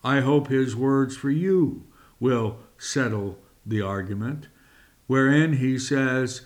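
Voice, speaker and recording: A man preaching a sermon in a deliberate, emphatic way, with long pauses between phrases. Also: medium pitch.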